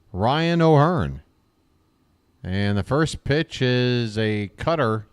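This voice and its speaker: A man calls a baseball game live for a stream in a mid-range voice. He wisecracks and chats with his viewers between pitches, switching easily from the count to the banter. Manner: chatty, wisecracking, talks to viewers in chat. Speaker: fan play-by-play commentator.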